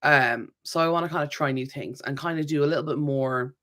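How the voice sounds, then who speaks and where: A woman's voice: low-pitched, brisk, a bit bright. Chatty woman hosting a live Q&A. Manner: chatty and rambling, reading viewer comments aloud; laughs often, many fillers and self-corrections. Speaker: channel host. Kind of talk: live-stream Q&A chat.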